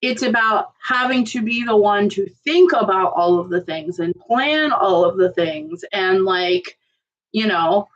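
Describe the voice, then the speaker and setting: A woman co-hosting a podcast, talking in a measured, reflective way. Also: mid-range voice, far from the mic, highs cut off. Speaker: podcast co-host. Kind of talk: casual chat.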